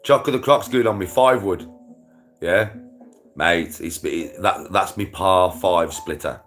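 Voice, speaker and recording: A man's voice: deep voice, measured pace, fairly bright tone, soft background music. A man livestreaming casual chat to his viewers, rambling and swearing, with frequent laughter.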